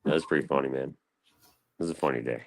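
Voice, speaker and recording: A young man with a drawl and an extremely low, deep voice. He rambles through casual stories in a slangy, loose way, full of fillers and asides. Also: fast talker. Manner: laid-back, slangy, loose storytelling with lots of fillers. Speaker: guest on a live panel stream.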